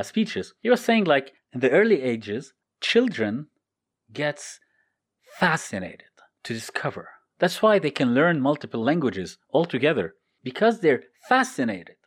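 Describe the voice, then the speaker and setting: A man giving a motivational talk, explaining things step by step and repeating his key points. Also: mid-range voice. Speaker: motivational speaker.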